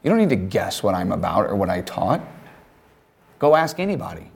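Calm, unbothered accused man, casual and offhand, a speaker's own voice lightly put on. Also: low voice, brisk, gravelly, breathy edge, voice pushed down, full character voice. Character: calm young man refusing to defend himself.

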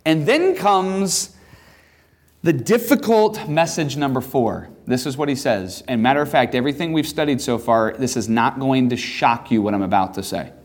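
A man teaches a classroom Bible lesson, speaking emphatically and reading scripture aloud in a raised voice with rising pitch. His voice is expressive at a normal speed.

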